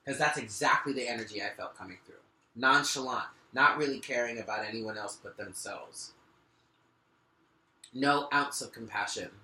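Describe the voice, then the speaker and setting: Bright-voiced man giving a tarot reading. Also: mid-range voice, normal speed. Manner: earnest, addresses the listener directly as "you"; shuffles and lays out cards while talking. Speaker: tarot reader. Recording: echoey room.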